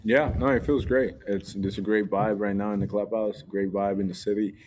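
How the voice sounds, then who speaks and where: A ballplayer from Puerto Rico, a man with a fairly low voice. He answers in a relaxed, easygoing interview manner, laughing often and restarting sentences as he goes. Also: moderate pace, slight background noise. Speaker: guest ballplayer.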